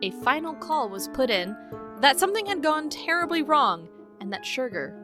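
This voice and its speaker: Lively woman co-host with a higher voice, chatty storyteller over music. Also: moderate pace. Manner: lively, laughs often. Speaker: podcast co-host. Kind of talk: casual chat, retelling a case from notes.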